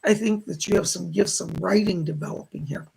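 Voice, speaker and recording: A hoarse man doing live psychic readings, passing on spirit messages as quoted speech. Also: high-pitched, fairly quick, darkish tone, low-quality recording. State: hoarse, losing his voice. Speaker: psychic medium.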